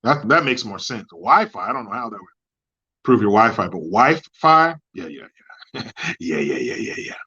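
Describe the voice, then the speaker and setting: Profane, ranting male streamer, bright voice. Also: very animated, moderate pace, husky, lo-fi sound. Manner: profane, mocking, swings between loud outbursts and low mutters. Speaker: livestream host. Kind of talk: ranting commentary, reading chat.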